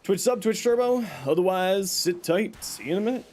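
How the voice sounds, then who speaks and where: Male game streamer, casual chatty commentary, light higher voice. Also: brisk, a little mellow, a little hiss or hum. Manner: chatty, explains game tips to chat.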